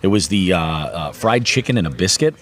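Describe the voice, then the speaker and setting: A man's voice: low voice, animated, a little fast, a bit bright. A man hosting a fishing podcast in casual chat, rambling along with many fillers and restarts.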